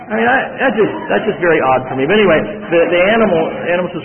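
A man's voice: sits high, very animated, racing, few pauses. A man with a Southern US accent preaching a sermon, telling stories animatedly with frequent restarts. The voice is echoey and tinny. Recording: echoey hall, tinny phone-like sound.

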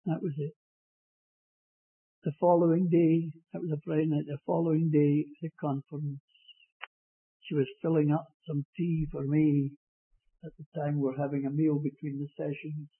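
A man's voice: a little high, level tone, moderate pace, long pauses, slightly rough. A man preaching a sermon, telling stories and rising into emphatic declarations. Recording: tinny lo-fi old tape recording.

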